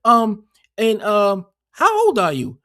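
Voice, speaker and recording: A man's voice: high-pitched, wildly swooping pitch, slow pace, bright, forceful tone, full character voice. A man doing a stammering, pushy phone scam caller. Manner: stammering, salesy sing-song patter.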